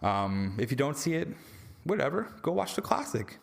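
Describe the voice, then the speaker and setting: A man's voice: mid-range voice, very animated, moderate pace, vocal fry. A man reviewing a movie in a casual vlog, rambling, slangy and jokey. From Canada.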